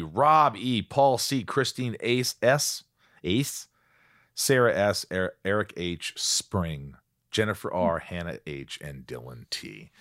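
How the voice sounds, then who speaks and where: Male podcast host, low voice, dry close sound, relaxed and joking, casual sign-off. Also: no echo. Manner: relaxed, joking, reads names off a list.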